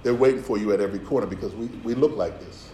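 A man's voice: on the low side, racing, mellow, reverberant, a little hiss or hum, low-quality recording. A man preaching a sermon as pastor, streetwise and playful, with asides and acted-out voices. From Philadelphia.

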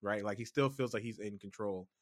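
A man's voice: fairly low pitch, brisk, dry recording, clean studio sound. A man co-hosting a podcast, talking about a favorite movie in an enthusiastic, profane way. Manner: enthusiastic, profane, laughs a lot. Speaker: podcast co-host. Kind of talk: casual chat about a movie.

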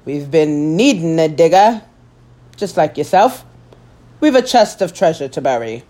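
A woman voicing a loud, blustering male pirate captain in a children's storybook reading, with gruff pirate talk. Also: low-pitched, very animated, measured pace. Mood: hearty.

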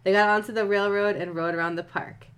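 Woman, casual reader, mid-pitched, breaks off for crude jokes. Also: fairly even intonation, quick pace, a bit bright, clear, resonant tone. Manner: reads aloud, breaks off to joke and swear. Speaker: fan fiction reader. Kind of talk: casual comedic reading with banter.

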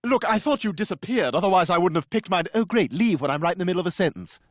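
A scheming baby boy with grand, pompous manners in a cartoon sitcom. He talks in an arch, sarcastic way, and his pitch swings widely. The sound is dry and close. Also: lively intonation, fast talker, dry recording. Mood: startled.

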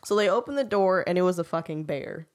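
Over a noisy crowd, a young woman tells a friend a fairy tale in an animated, fast, fairly low voice. The retelling is casual and giggly, wandering along with constant likes and ums and frequent laughter.

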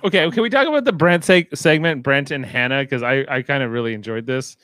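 A man's voice: mid-range voice, fairly quick, a bit bright, no room sound. A man co-hosting a casual recap podcast who moves topics along with questions and careful hedges. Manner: steers topics with questions, hedging. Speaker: podcast co-host. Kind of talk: casual reality-TV recap chat.

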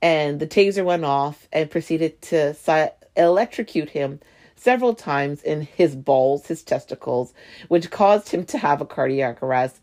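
Solo podcast host, woman, low voice, chatty and rambling. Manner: rambling, animated, laughing asides. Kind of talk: casual solo podcast monologue.

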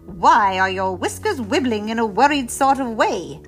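A woman voicing a small curious mole who asks gentle questions. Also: on the high side, animated, moderate pace, faint music behind, voice pushed up, natural voice.

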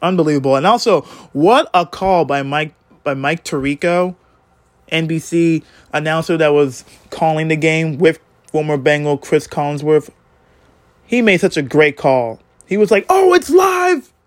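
A man giving a casual, excitable game recap as a fan vlogger, swearing freely and swinging up and down in pitch. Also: moderate pace, no room sound.

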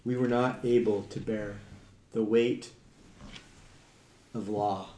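A man's voice: fairly low pitch, fairly even intonation, takes it slowly, warm tone. A man teaching a conversational Bible study, reading verses aloud and asking the group questions with emphasis. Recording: echoey room with faint background hum.

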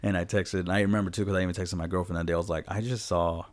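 A man's voice: low-pitched, fairly even intonation, very fast, dry recording. A man co-hosting a podcast, telling stories in a loose, profane, laid-back way. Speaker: podcast co-host. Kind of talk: casual storytelling.

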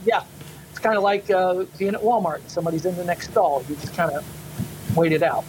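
A man's voice: sits high, steady tone, brisk, noisy background. A man co-hosting a casual chat show, rambling and hesitant with many fillers. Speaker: podcast co-host.

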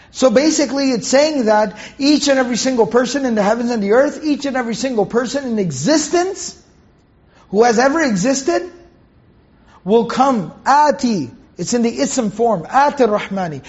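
A Quran teacher with a very high voice gives a commentary lesson, patiently explaining Arabic terms and correcting himself along the way. The highs in the recording are cut off.

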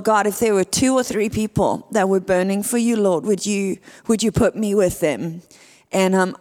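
A woman in her thirties with a South African accent, preaching a sermon as a guest speaker in a lively, chatty way. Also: mid-range voice. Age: 30s. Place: church sanctuary. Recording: church hall with long reverb.

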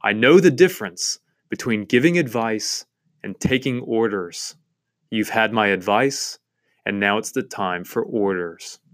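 A man voicing a gruff, loyal male dwarf soldier, reading his lines slowly and emphatically. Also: fairly low pitch, no echo, clean studio sound, lightly acted.

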